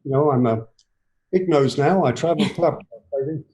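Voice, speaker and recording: Mellow-voiced older English man. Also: fairly high pitch, poor audio. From England. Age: 70s. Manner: rambling, halting delivery with repeated restarts. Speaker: guest. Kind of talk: personal storytelling in an interview.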